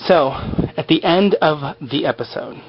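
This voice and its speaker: A man's voice: on the high side, moderate pace, husky, dull audio. A man hosting a podcast, casually recapping an episode in a rambling, joking way, full of fillers. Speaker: podcast host.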